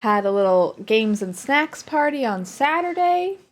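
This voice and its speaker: Chatting easily with her stream audience, a woman from the US pauses between topics to coo at her dog in baby talk. She speaks in a somewhat high, sing-song voice at an unhurried pace.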